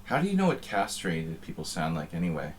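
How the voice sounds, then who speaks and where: A man's voice: low-pitched, wildly swooping pitch, a little fast, a little hiss or hum. A man streaming chess, chatting in a rambling, wry, offhand way between moves. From United States. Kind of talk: casual chat while playing online chess.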